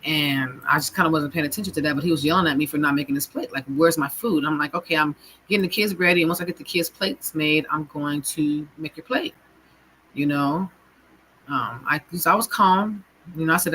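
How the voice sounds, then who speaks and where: A woman telling her own story of abuse as a personal testimony, in a halting way full of fillers and restarts. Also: low voice, a bit bright, slight background noise, rough recording. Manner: halting, full of "you know" and "kinda" fillers.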